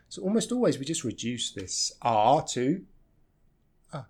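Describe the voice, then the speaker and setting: Male teacher, lively and husky, slow repeated modelling. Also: on the high side. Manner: models phrases slowly, repeating reduced sounds. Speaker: English teacher. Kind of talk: pronunciation lesson.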